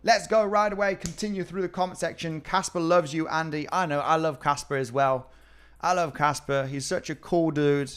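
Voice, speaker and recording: A man's voice: fairly high pitch, steady tone, normal speed, a bit bright, clear, resonant tone. A man hosting a casual live stream about crypto trading, chatting with viewers and often repeating his words.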